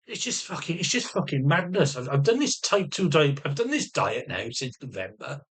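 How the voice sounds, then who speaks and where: A male vlogger rants through a personal health update, swearing constantly and circling back over his words in an agitated, defensive, rambling, repetitive way. His voice is fairly high and sing-song, at normal speed with a breathy edge.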